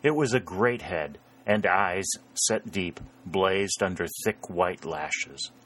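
A man narrating a historical novel in an unhurried, measured delivery. His voice sits very low and deep, and he keeps the telling steady from line to line. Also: slight background noise. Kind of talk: audiobook narration.

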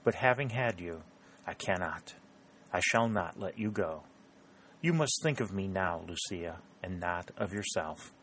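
A man reading aloud voices a small, gentle older spinster who speaks in a quiet, even voice. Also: low voice, a little slow, slight background noise. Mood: calm.

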